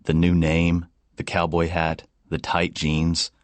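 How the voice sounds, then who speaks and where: A man narrating an audiobook in a calm, even reading. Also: deep voice, slow pace, dry recording. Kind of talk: scripted narration. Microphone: close studio mic.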